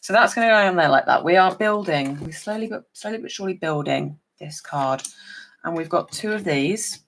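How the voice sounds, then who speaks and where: A woman's voice: lowish voice, lively intonation, moderate pace, fairly bright tone, a little hiss or hum. A woman demonstrating papercraft on a chatty live stream, talking to her viewers by name as she works. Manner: chatty, talks to viewers by name while working.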